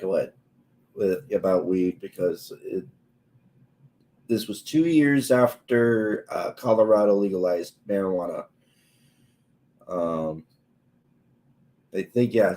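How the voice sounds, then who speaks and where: Slow, halting low-voiced young man. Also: dark tone, rough recording. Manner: halting, full of pauses and filler words. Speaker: streamer. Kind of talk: casual storytelling on a livestream.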